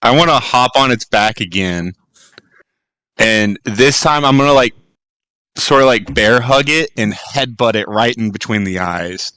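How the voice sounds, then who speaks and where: Excitable male player, bright tone, swooping delivery, dry close mic. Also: mid-range voice, unhurried, clean tone, no echo. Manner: eager, animated, laughs often, says "like" a lot. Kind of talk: casual tabletop play.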